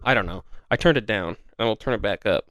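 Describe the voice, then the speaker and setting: A man's voice: on the low side, quick pace, fairly bright tone, no echo. Dry-voiced sarcastic man, casual podcast. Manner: sarcastic, argumentative, swears freely. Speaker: podcast co-host. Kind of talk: casual chat.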